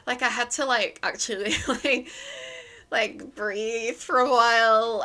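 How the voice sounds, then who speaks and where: A woman livestreamer talking casually to her viewers with a bright, sharp voice. She tells her story in a rambling, hesitant way, full of fillers. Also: mid-range voice, moderate pace. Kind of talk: casual stream chat.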